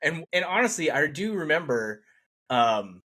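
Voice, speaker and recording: A man's voice: fairly high pitch, very animated, measured pace, bright, forceful tone, slightly rough. A man hosting a podcast, chatting easily and laughing along with his guest. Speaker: podcast host. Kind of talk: casual chat.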